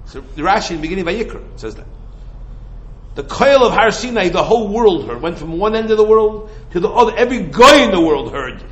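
A high-pitched man delivering an animated Torah lecture. He keeps asking his listeners rhetorical questions and drops Hebrew and Yiddish terms into casual English. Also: a little fast, muffled recording. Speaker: rabbi teaching Torah.

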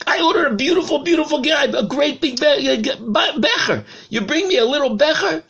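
A man's voice: a little high, animated, a little fast, creaky, husky, highs cut off, exaggerated voice. A man voicing an indignant, demanding older king who exclaims in disbelief. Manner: exclaiming, incredulous.

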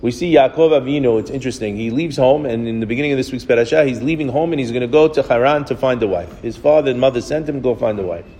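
A man gives an informal Torah class, telling stories in a loose conversational way. He often repeats and restarts his words, and he acts out the dialogue. His voice sits at an ordinary pitch, and a long reverb hangs behind it in the room. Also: quick pace, hardly any pauses, dark tone. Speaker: rabbi teaching a class.

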